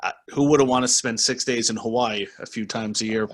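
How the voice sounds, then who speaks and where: A man hosting a podcast, relaxed and a little hesitant as he reads a listener question. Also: mid-range voice, a little fast, no room sound, studio quality. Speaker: podcast host. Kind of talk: casual podcast chat.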